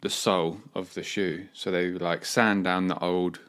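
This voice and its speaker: Deep-voiced laid-back man. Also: little pitch movement, measured pace, a bit bright. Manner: laid-back, rambling explanations with fillers. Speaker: podcast co-host, cricketer. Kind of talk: casual chat.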